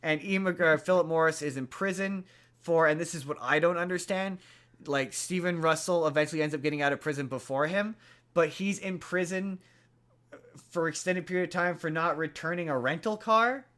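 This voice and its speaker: Rambling man with a high voice. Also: moderate pace, a bit bright. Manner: rambling, many fillers and restarts. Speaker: podcast host. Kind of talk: casual chat, retelling a movie plot.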